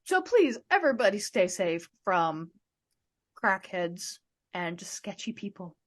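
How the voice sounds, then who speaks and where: A woman's voice: medium pitch, big pitch swings, a little slow. A woman co-hosting a podcast, reacting bluntly with exclamations in casual chat. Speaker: podcast co-host.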